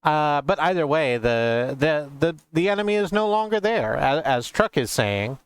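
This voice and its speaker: A man's voice: fairly high pitch, lively intonation, normal speed, clean tone, no echo. A man streaming a game playthrough, joking and swearing as he goes. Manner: joking, swearing, self-mocking.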